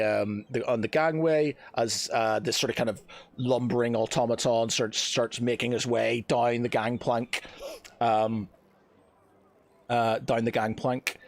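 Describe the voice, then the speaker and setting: A man's voice: mid-range voice, dry recording. A man narrating a tabletop role-playing game as dungeon master, rambling and full of fillers.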